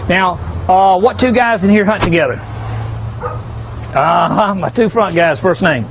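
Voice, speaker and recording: A man's voice: high-pitched, a little slow, gravelly, slight background noise. A man giving a folksy, joking hunting seminar, peppering a live audience with rhetorical questions.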